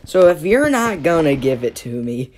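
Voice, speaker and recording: A woman's voice: low-pitched, sing-song, normal speed, darkish tone, a little hiss or hum. A woman giving casual, playful commentary on her own gameplay, teasing and self-mocking and dropping silly sound words as she goes. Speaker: gaming video creator.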